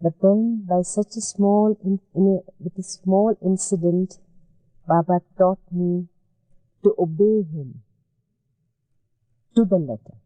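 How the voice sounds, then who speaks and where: A woman from India, recalling her past for an oral history interview. She tells each memory gently and at an unhurried pace, in a warm, dark voice. The recording is dry, with no room sound. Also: on the low side, dry recording, faint music behind, rough recording. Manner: gentle, measured storytelling with repeated phrases.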